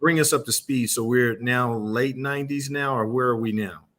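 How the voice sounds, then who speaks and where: A man hosting an interview show, asking probing questions in a halting way and repeating his phrases. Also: mid-range voice, fairly even intonation, a bit bright. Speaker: interview host. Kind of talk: conversational interview.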